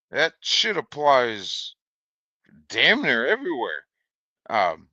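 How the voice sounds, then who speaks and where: A man casually reacting to a video with a co-host, profane and slow, laughing often. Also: on the low side, bright, forceful tone, no room sound, lo-fi sound.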